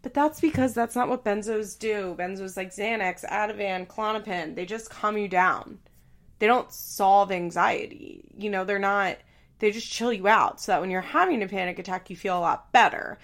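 Gravelly-voiced woman chatting casually. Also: mid-range voice, moderate pace. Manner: chatty, profane, sarcastic asides. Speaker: podcast host. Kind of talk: casual recap chat.

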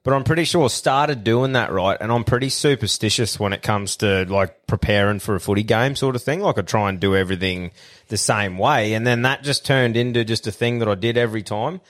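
A man's voice: fairly low pitch, a little fast, a bit bright. A young Australian man hosting a podcast, telling sweary, laddish stories in casual chat. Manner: laddish, sweary, laughing storyteller. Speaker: podcast host.

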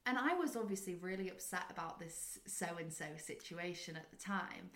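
A woman's voice: fairly low pitch, moderate pace. Giggly young woman cohost, voice bounces up and down a lot, echoey room. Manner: giggly, animated storyteller. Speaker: podcast co-host. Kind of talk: casual chat. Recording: roomy echo.

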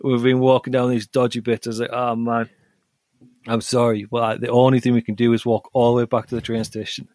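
A man's voice: medium pitch, flat delivery, brisk, a little mellow, no room sound. A young man, a podcast co-host, rambling through a travel story with lots of "like" and laughs along the way. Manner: rambling, says 'like' a lot, laughs while telling stories. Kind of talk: casual chat, storytelling.

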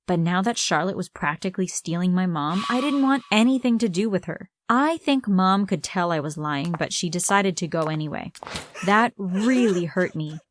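A woman's voice: fairly low pitch, lively intonation, moderate pace. A woman narrating a first-person story in a dramatic, emotive storytelling manner. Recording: clear background noise.

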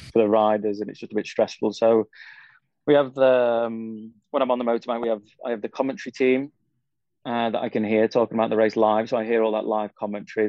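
A young Englishman chats in a gravelly, flat, low voice, rambling easily with lots of fillers. The sound is dull and lo-fi, and the room is dry with little echo. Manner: easygoing, rambling, frequent fillers. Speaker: cycling pundit guest. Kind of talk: casual interview chat.

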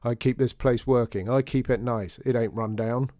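A man's voice: medium pitch, steady tone, normal speed, mellow, no room sound, clean studio sound, natural voice. A man doing a growling, grumpy old caretaker. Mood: grumbling. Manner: growling, grumbling. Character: grumpy working-class male building caretaker.

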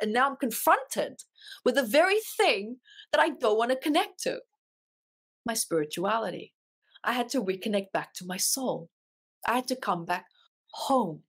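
Woman life coach guest telling her story, kinda high voice, earnest and emotional, repeats stuff for emphasis. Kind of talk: personal storytelling in an interview.

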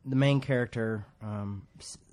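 A man's voice: fairly low pitch, measured pace, darkish tone. A man preaching a casual, rambling sermon in a church, joking at his own expense and laughing often. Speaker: pastor.

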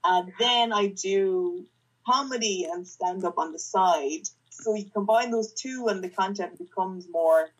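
Young woman, husky breathy voice, casual podcast chat, laughs a lot. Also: mid-range voice, measured pace, poor audio. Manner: laughs often, chatty and self-deprecating. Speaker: podcast guest.

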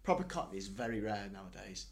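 A man's voice: fairly low pitch, animated, fast talker, gravelly. A man chatting casually, in a blunt, jokey way. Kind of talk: casual chat.

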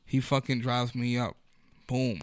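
A man's voice: mid-range voice, flat delivery, a little slow, clear, resonant tone, no room sound. A man, a comedian, telling stories in a loose, profane, slang-filled manner during a casual podcast chat.

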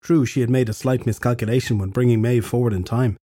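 A man narrates a fantasy story in a steady, measured way. His voice is mellow and husky, and it sits at a middle pitch. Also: no room sound, studio quality. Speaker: audiobook narrator. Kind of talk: scripted narration.

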